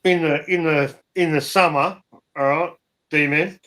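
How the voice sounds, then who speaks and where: Sweary high-voiced Australian man. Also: fairly even intonation, measured pace, pushed and bright, poor audio. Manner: blunt, sweary, keeps adding "right?" and "mate". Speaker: live stream host. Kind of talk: casual chat.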